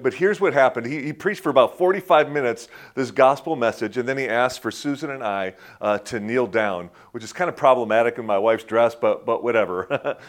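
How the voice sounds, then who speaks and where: A man in his fifties preaching a conversational sermon, telling personal stories in a folksy way with many restarts and chuckles. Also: medium pitch. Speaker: pastor.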